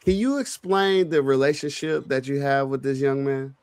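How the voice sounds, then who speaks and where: A man's voice: medium pitch, a little mellow, clean tone, no echo. A man hosting a podcast, asking questions in an easygoing way and laughing along with his guest. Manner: slow, laid-back questioner who laughs along. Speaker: podcast host. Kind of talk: casual interview.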